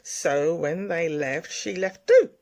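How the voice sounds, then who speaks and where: A woman casually telling a personal story in an animated way, repeating words for emphasis. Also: lowish voice, slow.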